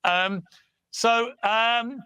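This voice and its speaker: A man with a British accent moderating a live TV debate, brisk and cutting in. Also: very high-pitched, fairly even intonation, pushed and bright, smooth, dry recording, lo-fi sound. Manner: interrupting, brisk. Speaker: talk show host.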